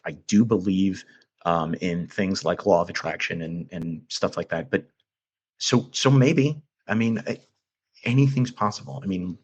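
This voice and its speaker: A man with a low, husky voice tells a personal story in a halting, earnest way. He often restarts his sentences while he looks for the right words. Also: darkish tone. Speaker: guest recounting an encounter. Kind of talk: casual storytelling.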